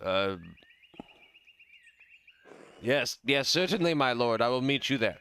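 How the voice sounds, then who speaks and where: A man's voice: medium pitch, expressive, slow, sharp tone, clear, resonant tone. Man doing a flustered stammering monk. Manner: stammering, apologetic. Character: flustered male monk, nervous and deferential.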